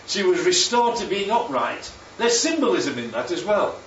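A man preaching a sermon, lively and constantly checking in with his listeners by asking "right?" and "yeah?". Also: sits high, moderate pace, slight background noise. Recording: echoey, distant, dull sound with faint ambience.

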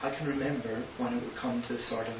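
Irish preacher in a roomy hall. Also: male voice, mid-range voice, steady tone, fast. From Ireland. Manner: storytelling, building to impassioned emphasis. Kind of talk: sermon. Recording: roomy distant hissy lo-fi recording.

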